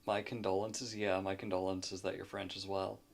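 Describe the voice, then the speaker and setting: Man, streamer, gravelly voice, profane joking banter, desk mic, home setup. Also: low-pitched, little pitch movement, moderate pace. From Louisiana. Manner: joking, loud and profane, often laughing. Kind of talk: casual live-stream banter.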